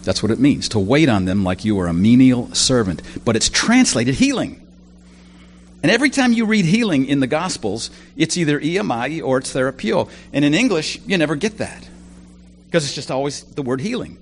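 A man's voice: medium pitch, big pitch swings, normal speed, slight background noise. A man preaching a sermon in a conversational way, full of asides and personal stories.

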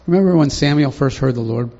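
A man's voice: medium pitch, mellow. A man preaching a sermon in a conversational way, often putting questions to the congregation, in a dull lo-fi recording.

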